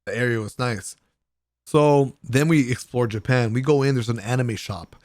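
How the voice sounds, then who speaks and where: A young man talks through his trip in a loose, slangy voice-over, swinging between easygoing recaps and excited bursts where he acts out his friends. His voice sits at an ordinary male pitch and sounds dry and close, with no room around it. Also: normal speed, no room sound. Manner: animated, laughing, swearing, mimics friends in raised pitch. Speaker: vlogger. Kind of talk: casual storytelling vlog voice-over.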